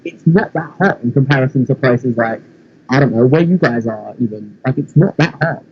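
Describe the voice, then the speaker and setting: A man's voice: medium pitch, moderate pace, breathy edge, muffled recording. A man from England with a London accent, laid-back and casually swearing in a chat. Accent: London English.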